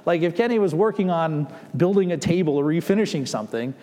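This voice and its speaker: A man's voice: on the high side, expressive, quick pace, mellow, big-room sound. A man preaching a sermon as a pastor, speaking conversationally and acting out the people in the story. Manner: conversational, acting out quoted voices.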